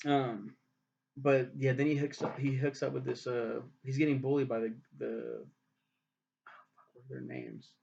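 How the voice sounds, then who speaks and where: Young male TV reviewer, swears freely, rambling rants, average pitch, muffled lo-fi sound. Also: expressive, moderate pace, vocal fry, long pauses, darkish tone. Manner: profane, rambling, ranting. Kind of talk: casual spoken review. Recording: dull lo-fi recording.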